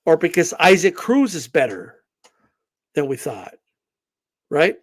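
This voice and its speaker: A man's voice: fairly high pitch, very animated, slow pace, husky. A man hosting a boxing show, ranting brashly and profanely in a casual livestream style. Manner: brash, profane, mocks commenters in put-on voices. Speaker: boxing channel host. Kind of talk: animated livestream rant.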